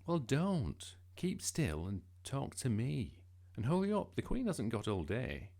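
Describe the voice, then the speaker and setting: Fussy mum, as a man reads her, brisk and scolding, gravelly undertone. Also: mid-range voice, huge pitch swings, mellow, voice pushed up, full character voice. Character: fussy, strict mother coaching her son.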